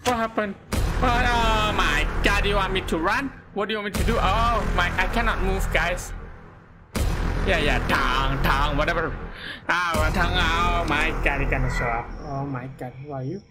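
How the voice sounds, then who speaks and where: A man commentating a horror game let's play, excitable, swearing and yelping at scares, in non-native English. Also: sits high, normal speed, poor audio. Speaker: gaming YouTuber. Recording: loud game music behind.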